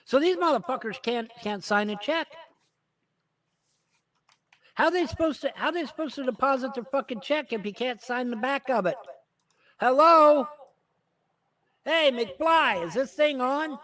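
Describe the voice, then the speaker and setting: A man's voice: very high-pitched, normal speed, long pauses, pushed and bright. A man hosting a show, ranting angrily and mockingly with constant swearing. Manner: angry, cursing, mocking. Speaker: host. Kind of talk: profane political rant.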